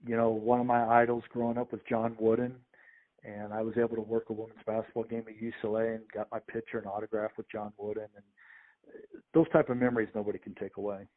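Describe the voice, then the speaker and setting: A middle-aged man, a sports official and podcast guest, telling lively anecdotes in a conversational interview and acting out what other people said. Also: lowish voice, quick pace. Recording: tinny phone line.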